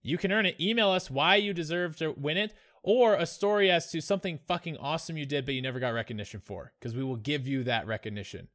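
A man's voice: fairly high pitch, quick pace, few pauses, a bit bright. A man co-hosting a podcast, bantering casually and swearing freely in joking chat. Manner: profane, jokey banter. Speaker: podcast co-host.

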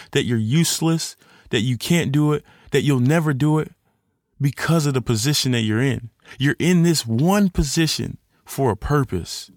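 A young man hosting a podcast, giving an animated motivational faith talk in casual slang and acting out the voices he quotes. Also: mid-range voice, no echo, clean studio sound. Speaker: podcast host.

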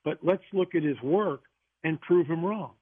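A man, a guest author on a radio interview, telling stories in an animated way with quick restarts. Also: on the high side, breathy edge. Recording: tinny phone line.

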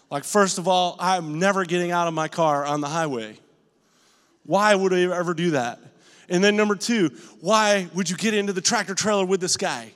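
A man pastor preaching a lively sermon in a church auditorium, telling stories with emphasis and rising to shouts. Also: sits high, normal speed, big-room sound. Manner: emphatic, storytelling, rises to shouts.

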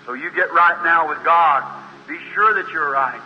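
A man preaches a fiery revival sermon, acting out the voices in his story and rising to high, urgent exclamations. His voice sits high. The recording is dull and lo-fi, with a long hall reverb and faint hiss behind him. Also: normal speed.

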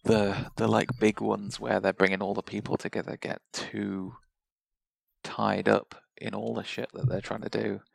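A man's voice: fairly low pitch, little pitch movement, normal speed, gravelly, dry recording. A man in casual film chat, hesitant and repeating words.

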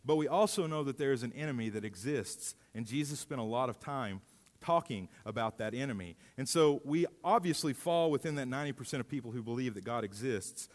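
A man preaching a sermon as a pastor, earnest and emphatic, his mouth dry from allergy medicine. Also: mid-range voice. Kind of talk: sermon with scripture reading. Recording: hall reverb.

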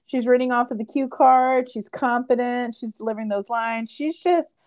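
Animated young woman recapping a show. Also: on the high side, moderate pace. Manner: animated recapping, acting out characters' lines with lots of "like". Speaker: podcast co-host recapping episodes. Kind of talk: casual chat.

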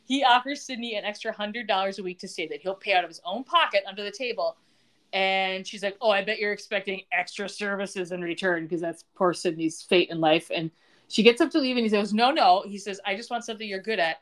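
A fairly quick, medium-pitched woman's voice. She's co-hosting an easygoing podcast about a TV soap, summarizing episodes and playing out the characters' dialogue with animated laughter.

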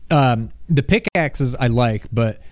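A man's voice: mid-range voice, takes it slowly, no room sound. A man co-hosting a casual gaming chat, rambling and loose, acting out his own reactions. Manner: loose, rambling, filler-heavy with acted-out reactions.

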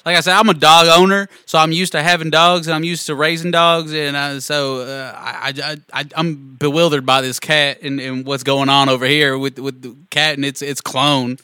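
A man's voice: fairly high pitch, little pitch movement, normal speed, hardly any pauses, bright, forceful tone, clean tone, dry recording, clean studio sound. A man co-hosting a podcast and making a prank call, talking casually with stammered restarts and frequent laughter. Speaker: podcast co-host and prank caller.

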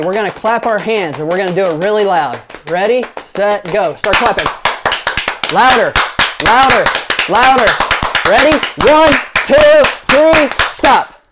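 Heavy background noise surrounds a pastor's high voice as he preaches. He recounts lively stories with playful asides and leads his congregation in collective actions.

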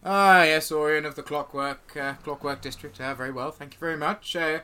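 Casting: man doing a bright-toned, prim gate guard, formal and full of fillers, slightly high. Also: steady tone, clean tone. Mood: fussily polite. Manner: formal, halting, with many fillers. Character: officious city gate guard, polite and fussy.

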